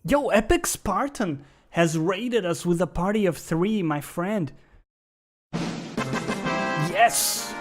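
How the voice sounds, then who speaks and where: A man's voice: high-pitched, expressive, slow pace, pauses often, faint music behind. A male game streamer giving casual, sarcastic, profane live commentary while playing and chatting with viewers.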